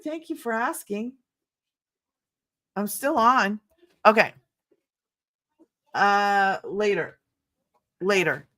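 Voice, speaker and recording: Older woman as a livestream host: excitable, chatty, greets viewers by name, laughs easily. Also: medium pitch. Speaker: livestream host selling online business programs. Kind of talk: casual livestream chat with viewers.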